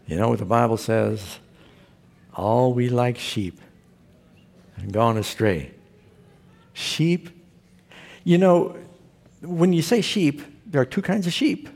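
A man's voice: medium pitch, expressive, slow pace, gravelly, pauses often, darkish tone. A man preaching a sermon, telling stories with humor and putting rhetorical questions to his congregation. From Southern California. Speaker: pastor.

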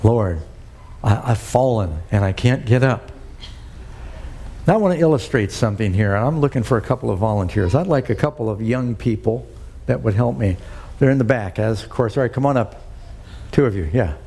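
A man's voice: mid-range voice, expressive, fast talker, creaky, dark tone, husky. A man preaching a sermon to a church congregation, quoting scripture and asking the crowd "Amen?". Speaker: pastor.

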